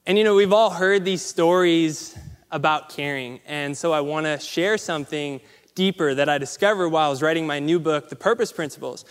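A man's voice: a little high, fairly quick, clear, resonant tone. A man giving a motivational storytelling speech, acting out the people in his stories. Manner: animated storyteller acting out quotes. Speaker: motivational speaker. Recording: long hall reverb.

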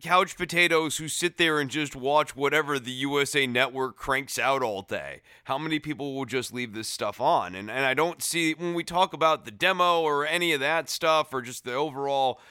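A man's voice: mid-range voice, normal speed, hardly any pauses, pushed and bright, smooth, dry recording, studio quality. A man co-hosting a podcast, chatting casually and laying out an analytical argument at length. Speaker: podcast co-host. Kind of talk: casual chat.

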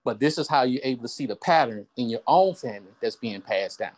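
A man with a Southern US accent on a group call, explaining step by step with halting restarts. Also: mid-range voice, expressive. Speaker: caller.

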